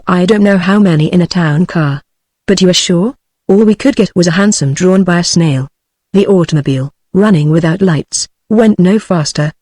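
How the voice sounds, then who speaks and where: A text-to-speech woman's voice with a British English accent, reading a novel aloud in an even, uninflected way, giving every character the same voice. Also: on the low side, no echo. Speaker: audiobook reader. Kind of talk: synthetic audiobook narration.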